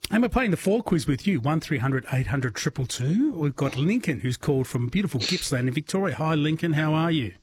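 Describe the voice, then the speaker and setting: A man's voice: fairly high pitch, expressive, fairly quick, few pauses, husky. A man with an Australian accent hosting a late-night radio quiz, chatty and joking with callers. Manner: chatty, jokey, laughs easily.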